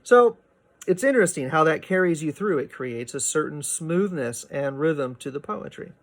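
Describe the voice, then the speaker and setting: A man teaching a poetry lesson, explaining meter in a relaxed way, often checking in with "right?" and filling pauses with "uh" and "um.". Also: on the high side. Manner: explanatory, frequent "right?" and "uh" fillers. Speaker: literature teacher. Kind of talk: recorded poetry lecture.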